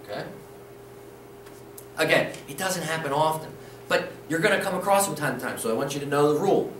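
A man's voice: a little high, fairly quick, fairly bright tone, distant mic. A man teaching a video language lesson, patient and encouraging, often checking in with "okay?" as he repeats the rules. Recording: roomy echo, voice a bit off-mic, faint room noise.

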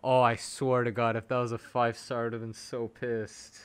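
A young man live-streaming gacha pulls, begging the game for good results, then turning sarcastic, swinging between loud pleading and flat mutters. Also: mid-range voice, normal speed, clean tone, dry recording.

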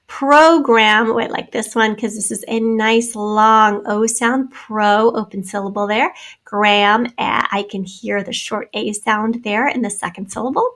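A woman teacher reading spelling words and sentences slowly, then going over the answers syllable by syllable. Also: on the high side, fairly bright tone, rough recording. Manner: slow, clearly enunciated dictation. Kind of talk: spelling test and answer review.

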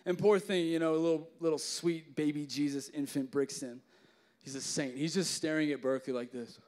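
A young male youth pastor preaches a sermon full of jokes and stories, his animated delivery packed with casual fillers. His voice is fairly high and fairly quick.

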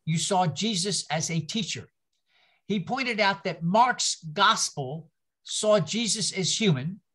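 This church history teacher lectures informally and expressively, taking things slowly while wandering into anecdotes and side remarks and frequently starting sentences over. The bright, forward voice is mid-pitched, and the setting seems to be a church room class.

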